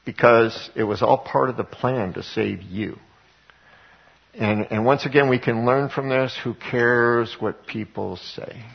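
A man's voice: mid-range voice, a little slow, gravelly, husky, muffled recording. A male pastor preaching a conversational sermon to his congregation, full of rhetorical questions. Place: church sanctuary before a congregation.

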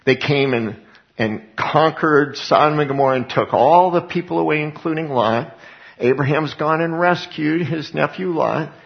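Older man preaching, gravelly voice. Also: a little high, moderate pace, dull audio. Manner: conversational Bible teaching with personal asides and laughs. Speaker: pastor. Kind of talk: sermon.

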